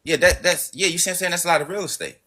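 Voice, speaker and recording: A man's voice: fairly high pitch, racing, pushed and bright. A man hosting a live stream debate, insistent and repetitive, pushing his argument. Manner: insistent, repeating himself, pushy. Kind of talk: casual debate.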